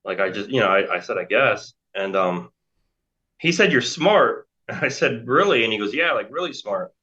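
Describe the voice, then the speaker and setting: This interview guest, an American in his forties, spins a lengthy, meandering anecdote, stumbling over fillers and starting sentences over. He speaks at a normal pace in a fairly low, sharp-toned voice with lively intonation, captured on muffled lo-fi audio.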